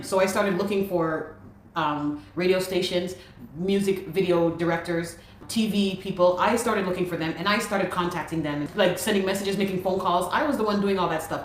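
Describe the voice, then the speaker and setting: A young adult woman emphatically telling a personal story as a guest, repeating phrases for emphasis. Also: on the low side. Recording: very echoey room.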